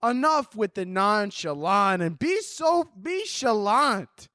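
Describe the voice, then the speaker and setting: Man, high voice, podcast advice rant, profane, overdramatic, shouty bursts, mocking voices for others, dry close mic. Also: sing-song, slow, no room sound. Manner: profane, ranting, overdramatic, swings from mumbled asides to shouting; acts out both sides of imagined conversations in mocking voices. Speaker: podcast host giving advice. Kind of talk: comedic advice monologue.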